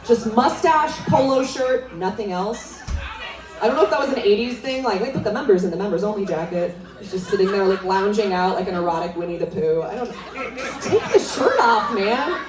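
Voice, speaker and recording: A woman's voice: medium pitch, animated, brisk. Woman doing stand-up in a roomy club. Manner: conversational, teasing the crowd. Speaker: stand-up comedian. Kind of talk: stand-up comedy set. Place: live comedy club stage. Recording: roomy, distant venue sound with crowd laughter.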